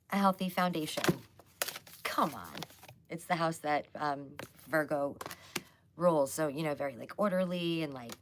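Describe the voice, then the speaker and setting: A woman hosting a casual live tarot reading, chatty and loose with lots of fillers, hoarse as she loses her voice. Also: low-pitched. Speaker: psychic tarot reader hosting a live stream.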